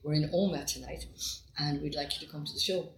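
A woman's voice: low-pitched, steady tone, brisk, a little hiss or hum. An older Irish woman quoting a friendly American country singer on the phone, using almost her own voice. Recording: roomy echo with faint ambience.

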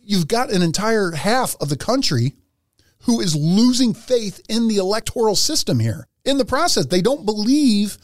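Male podcast co-host, higher register, loose chatty delivery, dry studio sound. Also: lively intonation, moderate pace, dry recording. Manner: rambling, laughs between words; reads news aloud. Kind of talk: casual chat.

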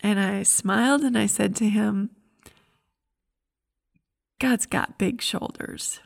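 Slow, earnest woman giving a devotional message. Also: medium pitch, vocal fry. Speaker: Christian speaker and writer.

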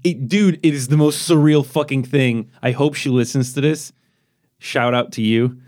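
Guy cohosting a podcast, animated and sweary, just chatting loose, average pitch. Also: normal speed, dry recording, clean studio sound. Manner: animated, swears a lot, trails off into laughs. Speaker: podcast co-host. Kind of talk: casual chat.

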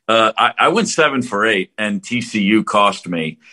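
A man's voice: on the low side, lively intonation, moderate pace, pushed and bright. A man co-hosting a podcast, talking casually about college basketball and betting, rambling with many restarts. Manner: rambling, with repeated restarts and laughs. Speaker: podcast co-host. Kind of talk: casual sports chat.

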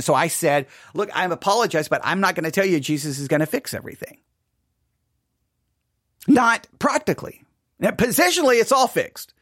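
A man's voice: high-pitched, fairly bright tone, no room sound, studio quality. A man preacher retelling a funeral sermon he gave, earnest and emphatic, often restarting his sentences.

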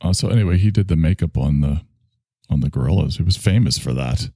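A man in his sixties hosting a rambling solo monologue, drifting from joke to tangent with crude humor. His voice is very low, gravelly and husky. The recording is dry and close. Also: expressive, fast, warm tone, no echo. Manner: digressive, crude and joking, trails off.

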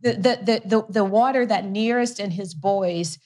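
In this interview, a middle-aged woman who founded a whiskey company and invests tells her story with energy, frequently laughing and starting sentences over. Her voice sits at medium pitch, moves at normal speed, and has a darkish tone.

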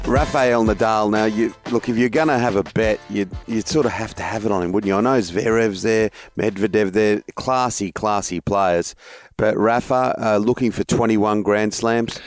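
A man's voice: lowish voice, steady tone, moderate pace, few pauses, no echo, faint music behind. An Australian man hosting a sports show, leading topics in chatty, bantering talk. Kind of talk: casual sports chat.

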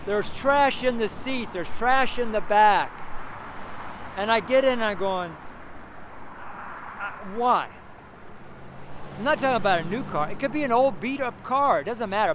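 A man with a fairly high voice delivers a rambling, earnest street sermon, circling back and repeating his points. He is recorded outdoors, and passing cars and street noise are clearly audible around him. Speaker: street minister. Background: passing cars and urban street noise.

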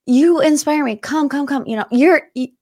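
A woman performs a gushing young female pop star, breathless and effusive. The character voice sits high and is pitched above her own, though it stays close to an everyday voice, with a darkish tone and a moderate pace.

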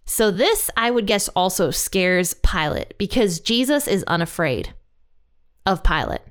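A woman's voice: mid-range voice, lively intonation, unhurried. Woman teaching scripture casually. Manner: conversational, paraphrases scripture in everyday words. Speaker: Bible teacher. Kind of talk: casual Bible study teaching.

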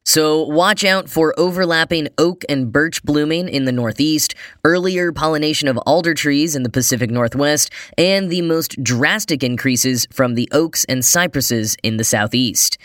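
A man's voice: a little high, moderate pace, a bit bright, no echo, studio quality. A man hosting a daily news podcast, reading scripted stories in a conversational way with wry asides; his voice is slightly strained and nasal from allergies. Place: New York.

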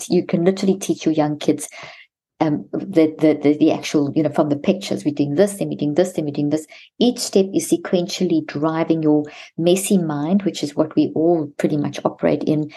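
A woman guest expert explaining calming steps for kids to parents, with frequent restarts and repeated words. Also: deep voice, breathy edge. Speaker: guest expert on mental health.

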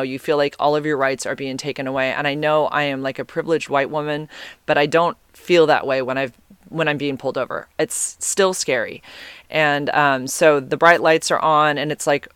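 A woman's voice: sits low, a bit bright, clean tone, no room sound. A woman telling a personal story in a casual, rambling way, with many restarts and bursts of laughter.

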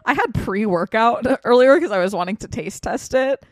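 A woman's voice: fairly high pitch, expressive, moderate pace, no echo, clean studio sound. Bubbly young woman podcast co-host. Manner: bubbly, casual, swears. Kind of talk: casual chat. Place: New York.

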